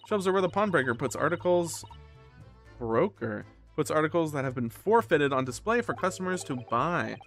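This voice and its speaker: Reading a video game's dialogue out loud during a stream, a man with a medium-pitched, fairly bright voice cracks jokes and corrects himself whenever he stumbles, keeping the commentary casual.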